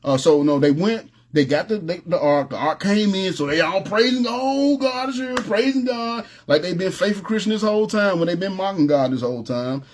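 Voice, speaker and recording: A man preaching an informal sermon, telling stories in a relaxed, streetwise way and often asking "you know what I'm saying". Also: on the high side, brisk, few pauses. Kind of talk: conversational sermon with storytelling.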